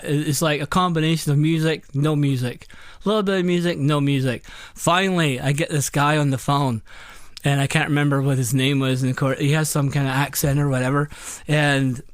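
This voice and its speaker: A man's voice: a little high, dry recording, studio quality. A man hosting a podcast, telling a story in a casual, exasperated way and repeating phrases as he recounts each step. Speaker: podcast host.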